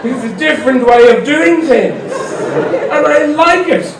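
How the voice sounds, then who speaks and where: A middle-aged comedian rambles wryly through a stand-up set, his fairly high voice breaking into loud bursts now and then. He sounds roomy and a bit distant, picked up across a big hall with noise behind him. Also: expressive, slow, a loud crowd. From Ireland. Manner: rambling, wry, with sudden loud outbursts. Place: large concert hall before an audience.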